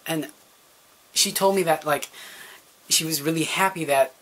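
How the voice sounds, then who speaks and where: A man's voice: on the high side, a little slow, a bit bright. A young man telling a personal story to camera in a chatty, casual way, full of fillers and little acted-out quotes. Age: young adult. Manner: chatty, lots of fillers, acts out quoted voices. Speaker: vlogger.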